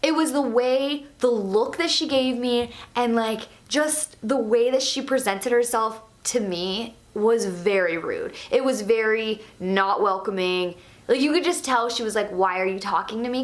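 A woman's voice: on the high side, moderate pace. Chatty young woman telling a storytime. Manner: chatty, filler-heavy with constant "like", animated retelling. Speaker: YouTuber. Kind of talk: casual storytime chat.

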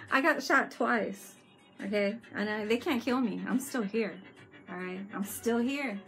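Unhurried, playful woman streaming from home, soft music under her. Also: a little high. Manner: playful and teasing, laughs often. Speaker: live stream host. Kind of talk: casual live stream chat. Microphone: webcam mic with fisheye lens.

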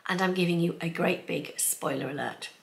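A middle-aged woman chatting excitedly to her viewers as she unboxes a parcel in her sewing room. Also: on the low side, a little fast, gravelly. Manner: gushing, excitable, talks to viewers as folks. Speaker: sewing vlogger.

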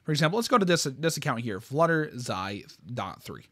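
A man hosting his own channel, chatting excitably through fan horror stories and swearing casually. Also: medium pitch, a little fast, no room sound, studio quality. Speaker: YouTube host. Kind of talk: casual reaction commentary.

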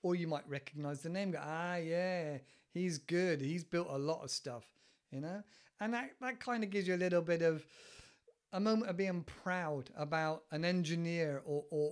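A man hosting a casual English-learning podcast, rambling and animated, with lots of repeated words, recorded on a studio microphone. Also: fairly high pitch, moderate pace. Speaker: podcast host. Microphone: studio microphone with headphones.

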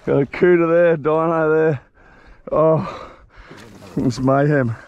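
An Australian man giving excited running commentary while fishing from a boat, swinging from loud shouts to low coaching mutters. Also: takes it slowly, dry recording, dull audio. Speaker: fishing vlogger. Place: boat on the open sea, outdoors. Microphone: action camera.

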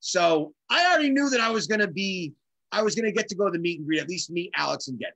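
A middle-aged man, a drummer, telling a story in casual conversation and acting out the quotes with animated energy. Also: high-pitched, fast talker, vocal fry, no room sound, poor audio. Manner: animated, acts out quotes in lively voices. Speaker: guest drummer.

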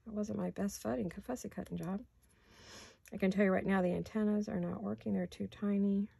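This crafting host speaks a little fast in a mid-range voice with fairly even intonation, vocal fry, and a mellow, husky quality, captured in a dry recording. Chatting casually, she talks to herself as she crafts at home and hiccups.

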